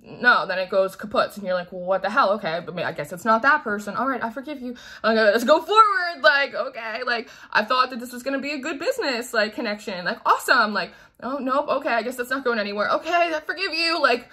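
A woman giving a casual tarot reading in a chatty, animated way, acting out quoted voices and laughing often. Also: a little high. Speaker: tarot reader.

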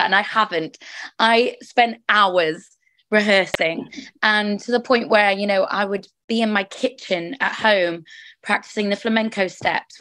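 Woman, actress, eager casual interview talk, dry close sound, mid pitch. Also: dry recording. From England. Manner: enthusiastic, chatty, frequent restarts. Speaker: musical theatre actress, interview guest.

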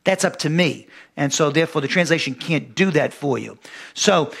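A middle-aged man teaching a Bible lesson with a bright, forceful voice that sits a little above the usual male pitch. He works through scripture carefully and explains Greek words. He often stops on fillers and restarts his sentences. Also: a little fast, gravelly, breathy edge. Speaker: pastor.

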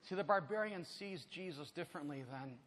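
A man preaching at a conference, telling a personal story with humor and swinging from loud bursts to hushed, intense passages. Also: on the high side, fairly quick, slight background noise. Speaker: conference speaker. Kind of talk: storytelling sermon. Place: church auditorium. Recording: large hall with long reverb, faint ambience.

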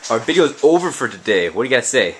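A man's voice: mid-range voice, very animated, quick pace, fairly bright tone, faint music behind. A young man co-hosting a casual vlog on a walk outdoors, joking, singing and laughing as he films on a handheld camera. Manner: playful, sings and laughs a lot. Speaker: vlog co-host. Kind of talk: casual goofing-around vlog. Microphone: handheld camera mic. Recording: noisy outdoor camera audio.

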